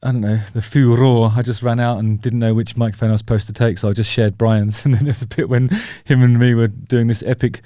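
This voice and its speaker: A mid-range, warm-toned host speaks briskly and flatly with hardly any pauses. He's chatty and wry on his own show, rambling with fillers and poking fun at himself in casual talking-head commentary, recorded in clean, dry studio sound.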